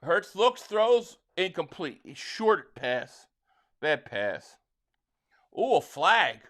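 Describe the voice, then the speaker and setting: This livestream host and football fan from Philadelphia runs a live watch-along, calling plays with excitement and reading the chat, with a stammer on restarts. His pitch is fairly high and he speaks slowly.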